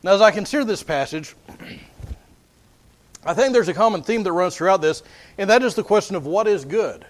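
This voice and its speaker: Male preacher with a high voice, earnest sermon delivery, repeats words as he builds each point. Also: lively intonation, normal speed.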